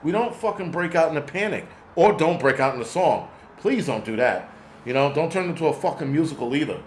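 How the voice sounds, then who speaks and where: A man's voice: fairly high pitch, lively intonation, fairly quick, a little hiss or hum. A man hosting a casual vlog who rants angrily and bluntly, with plenty of profanity. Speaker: host.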